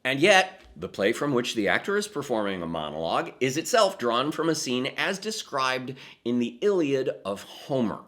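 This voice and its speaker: Male presenter, mid-pitched voice with a lot of melodic movement, measured and emphatic, reading a prepared talk. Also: very animated, a bit bright. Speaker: theatre presenter. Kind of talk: scripted explanatory narration.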